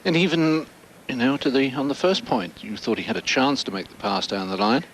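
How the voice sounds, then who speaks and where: A man doing play-by-play commentary on a tennis match, calmly reeling off past scores and rankings. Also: mid-range voice, a little hiss or hum. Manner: measured, factual, reels off scores. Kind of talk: sports commentary.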